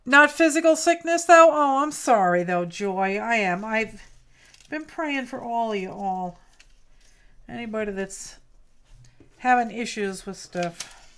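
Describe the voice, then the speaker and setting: A woman hosts a crafting livestream and talks at an unhurried, slow pace. She greets viewers warmly by name and thinks out loud while she works, muttering as she decides where things go. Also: a little high, expressive, smooth.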